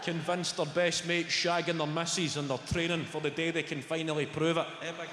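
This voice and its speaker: Scottish stand-up in his thirties, high-pitched and brash, sweary, echoey live hall. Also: brisk, heavy background noise. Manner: brash, sweary, animated storytelling. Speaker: stand-up comedian. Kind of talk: stand-up routine. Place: large theatre stage.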